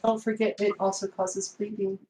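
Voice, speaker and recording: A woman's voice: medium pitch, little pitch movement, moderate pace, mellow, rough recording. A woman playing a tabletop game, joking bluntly and describing her character in the third person. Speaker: player.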